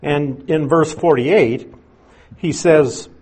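A man's voice: fairly high pitch, extremely slow, darkish tone, breathy edge. A man preaching an expository sermon, explaining verses plainly with conversational asides.

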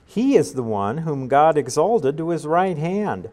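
A middle-aged man giving a verse-by-verse Bible teaching in a measured, explanatory way, with frequent fillers and restarts. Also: fairly high pitch, very animated, darkish tone.

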